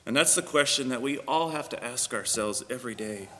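A man's voice: mid-range voice, expressive, brisk, a bit bright, a little hiss or hum. A man pastor giving a sermon, praying and then preaching earnestly with frequent fillers. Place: church sanctuary. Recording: long reverb of a church hall.

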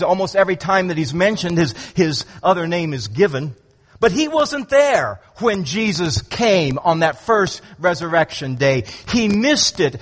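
A man preaching an expository sermon, emphatic and dramatic, often repeating a word before a phrase gets going. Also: in a large hall. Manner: emphatic, repeats words when starting phrases; dramatic swings of pitch and volume.

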